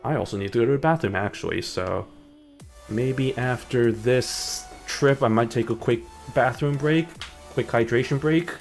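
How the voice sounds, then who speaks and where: A man's voice: medium pitch, a little fast, vocal fry, soft background music. A young man streaming a driving game, rambling in casual commentary and mocking himself. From United States. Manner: rambling, self-mocking, breaks into sung snippets.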